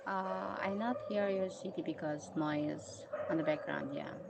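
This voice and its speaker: A woman's voice: sits low, vocal fry. A woman with a Filipino accent, hosting a casual live stream and greeting her viewers. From Philippines. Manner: slow, greeting viewers, occasional soft singing. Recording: lo-fi with loud background noise, dogs and roosters. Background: dogs barking, roosters.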